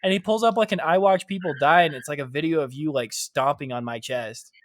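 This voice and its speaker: A young man co-hosting a podcast in casual chat, giggly and loud, riffing jokey bits. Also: a little high, fairly quick. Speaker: podcast co-host.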